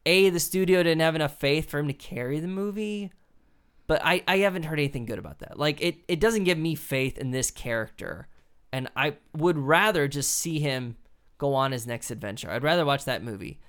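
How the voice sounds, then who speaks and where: A man's voice: on the high side, brisk, a bit bright, smooth. A man in casual chat as a podcast co-host, talking in a loose, rambling way and swearing for emphasis.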